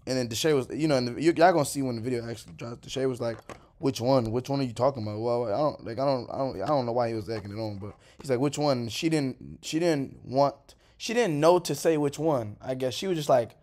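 A man's voice: medium pitch, fast talker, hardly any pauses, a little mellow. A man in his twenties talking over a clip in a casual, rambling vlog style, full of slang and "bro". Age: 20s. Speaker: vlogger.

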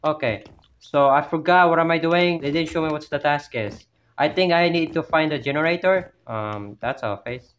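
Male gamer, slightly high pitch, jumpy and chatty; live horror-game commentary from home. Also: moderate pace, a bit bright, lo-fi sound, a little hiss or hum. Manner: jumpy, yelps and exclaims at scares, chatty self-talk. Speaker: gamer playing a horror map. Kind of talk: gameplay commentary. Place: at home with family nearby.

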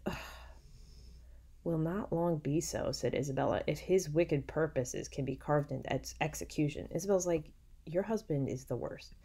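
A young woman lecturer reading a classic novel aloud, stopping to paraphrase the lines in casual, slangy asides and whispering quick side remarks. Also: low voice, mellow, husky. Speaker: literature lecturer.

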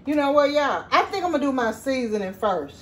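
A woman's voice: high-pitched, lively intonation, brisk, slight background noise. Chatty woman cooking, talking to viewers. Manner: chatty, addresses viewers as y'all, laughs easily. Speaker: cooking vlogger. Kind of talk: casual cooking vlog chat. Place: home kitchen.

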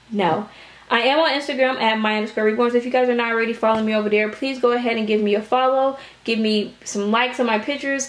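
A young woman from Wisconsin chatting casually and rambling on a vlog, a little out of breath. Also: fairly high pitch. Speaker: doll-collecting vlogger. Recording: echoey room.

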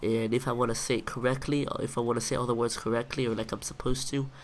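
A man from Israel with an Israeli accent, whose first language is Hebrew, with a nasal, congested-sounding voice. He speaks slowly and deliberately, pausing to find his English words, as a gaming commentator talking casually to his viewers. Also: medium pitch, level tone, slight background noise. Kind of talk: casual talk to camera.

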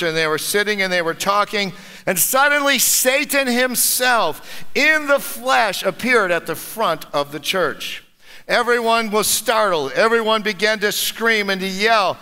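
A pastor preaching an energetic sermon and leading the congregation in call-and-response. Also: male voice, sits high, smooth. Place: church sanctuary. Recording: long church hall reverb.

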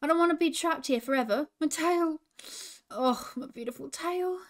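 A woman's voice: takes it slowly, a little mellow. A woman doing a wailing young kangaroo. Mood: distressed. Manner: high, anxious wailing. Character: young male kangaroo, trapped and pleading.

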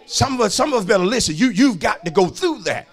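A man a sermon in a high, strongly animated voice. He calls out to the congregation and repeats phrases for emphasis. He swings between hushed lines and shouted ones. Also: fast talker, a faint crowd. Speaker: pastor.

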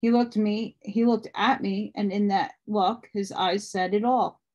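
A woman reading a book aloud at a steady pace, with small restarts along the way. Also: mid-range voice, measured pace, muffled recording. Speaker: audiobook reader.

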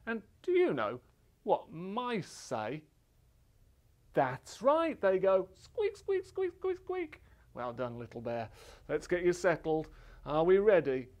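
A man's voice: a little high, slow pace. A male librarian leading a children's singalong storytime, speaking in a playful, sing-song way to a toy bear and young viewers. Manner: sing-song, animated, playful voice for little kids.

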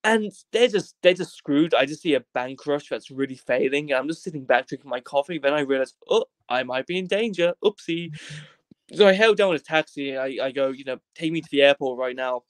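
A man's voice: mid-range voice, brisk, hardly any pauses, no echo. A young man from Wales, a podcast guest telling a rambling, jokey story in casual chat, swearing freely and acting out the voices of the people in it. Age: young adult.

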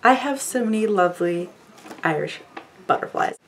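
Woman vlogger, chatty and effusive, very animated pitch. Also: moderate pace, a little hiss or hum. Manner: gushing, effusive; chatty, rambling with fillers. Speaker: beauty vlogger opening fan mail. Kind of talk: casual chat to camera.

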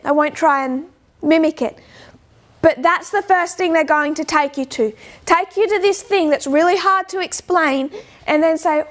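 A woman giving an informal lecture, slowing down to stress points and posing rhetorical questions. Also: high-pitched. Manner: measured, slows down to stress points. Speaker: speaker giving a talk.

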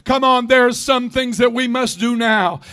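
A man in his sixties preaching a fervent Pentecostal sermon in a church, often shouting and calling for responses. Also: very high voice, moderate pace. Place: church sanctuary.

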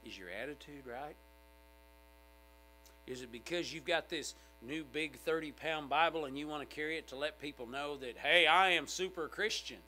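Male pastor, middle-aged, slightly high, emphatic sermon delivery, faint hum on the recording. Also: normal speed, poor audio. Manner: emphatic, swinging from loud to hushed. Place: church sanctuary.

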